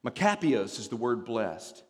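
A man preaching a sermon in a church, telling stories with humor and explaining scripture in an animated way. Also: mid-range voice, measured pace, in a large hall.

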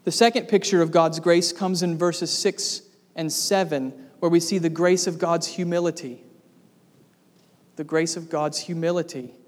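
A man with a notably high voice preaching a sermon, his words trailing off into the long reverb of a large hall. He talks emphatically and asks the congregation rhetorical questions. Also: fairly even intonation, a little slow.

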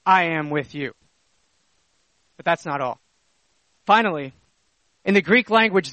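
A man's voice: sits high, a bit bright, no room sound, low-quality recording. A man preaching a sermon, teaching step by step in an emphatic, explanatory way.

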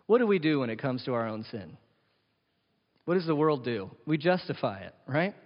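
A man's voice: mid-range voice, sing-song, normal speed. A man preaching in a church hall, his voice carrying with a long echo. The sound is dull and lo-fi. He presses his points with rhetorical questions and slips in jokey asides. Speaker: pastor. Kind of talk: sermon.

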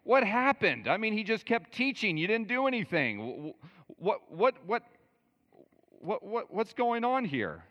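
A man's voice: very animated, measured pace, a bit bright, long reverb tail, full character voice. A man playing flustered temple officials. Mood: incredulous. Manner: stammering, high and incredulous. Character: exasperated male temple officials demanding answers.

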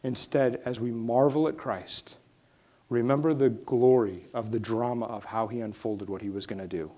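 Male pastor, sermon delivery; alternates quiet prayerful moments with climbing, emphatic peaks. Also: medium pitch, fairly even intonation, normal speed. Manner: swings from hushed prayerful lines to rising, emphatic preaching.

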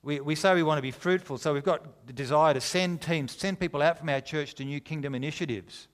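A man's voice: a little high, brisk. A middle-aged man preaching a sermon, conversational and jokey but driving home his points with emphasis. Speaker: pastor.

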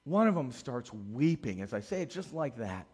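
A middle-aged man preaching a sermon as a pastor, animated and acting out the voices in his stories. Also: medium pitch, moderate pace, husky. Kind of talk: sermon with storytelling.

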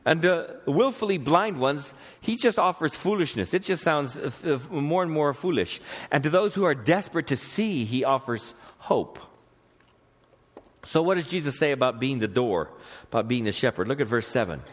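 A middle-aged man preaching to his congregation with a slightly high-pitched voice. He talks in an easy, conversational way, reads scripture aloud and stops to ask the room questions. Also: expressive, moderate pace. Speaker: pastor. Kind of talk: sermon. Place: church sanctuary.

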